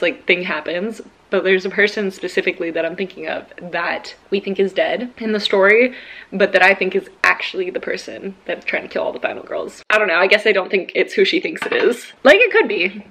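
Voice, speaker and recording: A young woman talks to her camera at home in an easy, rambling way, often breaking into laughter. Her voice sits at an ordinary pitch, and she keeps the tone casual throughout. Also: fairly bright tone. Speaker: book vlogger. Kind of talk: casual vlog chat.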